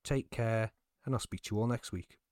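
A man hosting a football podcast, relaxed and casual, with frequent ums. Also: fairly low pitch, fairly quick, dry recording, clean studio sound. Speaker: podcast host.

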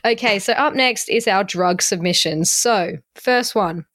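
A woman's voice: medium pitch, a little slow, dry recording, studio quality. A woman co-hosting a casual chat, reading out listener submissions and laughing often. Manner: giggly, laughs often, animated. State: sober, going through a breakup.

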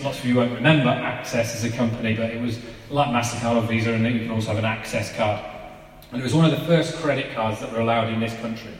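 A man's voice: mid-range voice, far from the mic. Chatty man preaching in an echoey hall. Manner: chatty, asks the audience rhetorical questions. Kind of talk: informal sermon.

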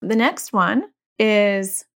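A woman's voice: mid-range voice, drawn-out words, fairly bright tone. A middle-aged woman hosting a podcast, talking candidly and casually and acting out bits of dialogue with her kids. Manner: chatty, candid, acts out quoted dialogue with family. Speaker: podcast host and anxiety educator. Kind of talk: casual solo podcast talk.

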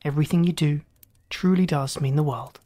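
Calm, inviting storyteller narration. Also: mid-range voice, brisk. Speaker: host and narrator. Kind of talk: scripted audiobook narration.

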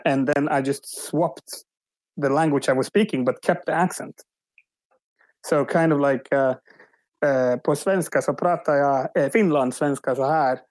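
Halting man with dry sound. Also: mid-range voice, a little mellow, no echo, poor audio. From Sweden. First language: Swedish. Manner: halting, thoughtful, frequent restarts. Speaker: guest. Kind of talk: casual interview.

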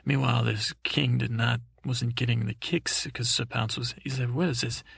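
A man improvising a rambling comic tale as a dim, timid boy prince, halting and mixing up names. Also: medium pitch, level tone, vocal fry, fairly bright tone, husky, dry recording. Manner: halting, full of restarts and mixed-up names. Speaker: comedic storyteller.

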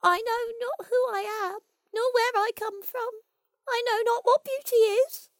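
A woman's voice: very high voice, steady tone, measured pace, dry recording, clean studio sound. A woman voicing a solemn, melancholy male ugly duckling who speaks in grave, old-fashioned words. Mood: mournful.

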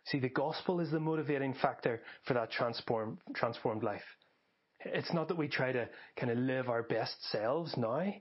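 A man preaching a sermon for a podcast in an earnest, measured way, slowing down to stress key phrases. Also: medium pitch, lo-fi sound.

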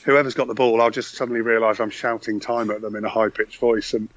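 A man's voice: fairly low pitch, flat delivery, fast talker, a bit bright, dry recording. Podcast guest: man, enthusiastic chatter full of restarts, dry dull-sounding line. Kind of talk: casual football chat.

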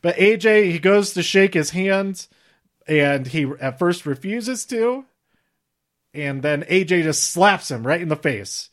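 A man's voice: high-pitched, lively intonation, slow pace. A young man hosting a casual solo podcast, rambling and chatty with lots of fillers and little laughs. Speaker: podcast host reviewing wrestling shows.

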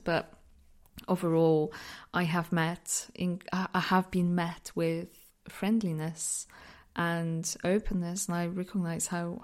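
A Polish woman in her thirties hosts a reflective solo podcast, her accent a blend of Polish and British. She talks at an unhurried, slow pace in a fairly low voice. She is candid and self-deprecating and laughs at herself often. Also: a little mellow. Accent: mixed Polish-British. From Poland. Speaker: podcast host.

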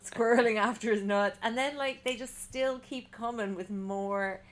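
A woman's voice: a little high, normal speed. A woman co-hosting a podcast in casual chat, rambling and punning with frequent laughs and restarts. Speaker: podcast co-host.

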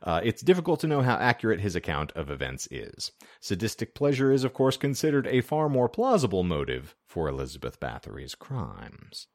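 A man's voice: on the low side, wildly swooping pitch, fairly quick, hardly any pauses, no echo, clean studio sound. A man co-hosting a casual podcast, walking through his research notes in a wry, chatty way with lots of fillers. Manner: wry, conversational, with frequent fillers. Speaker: podcast co-host presenting the episode's research. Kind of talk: casual podcast history talk, partly read from notes. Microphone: remote call setup.

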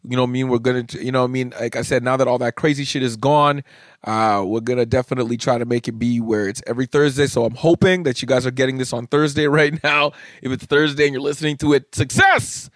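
A man in his thirties hosting a podcast alone, rambling casually with lots of swearing and excitable bursts. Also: medium pitch, quick pace, no echo, studio quality. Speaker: podcast host. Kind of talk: casual solo podcast monologue.

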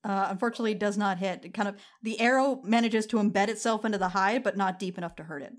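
A woman's voice: mid-range voice, quick pace. A woman acting as game master, calling out rules and narrating the results of attacks. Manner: calm, matter-of-fact rulings.

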